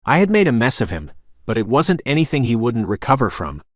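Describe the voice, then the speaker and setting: A man narrating a romance audiobook in first person, with a gruff, dramatic delivery. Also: mid-range voice, big pitch swings, a little fast, dry recording, clean studio sound.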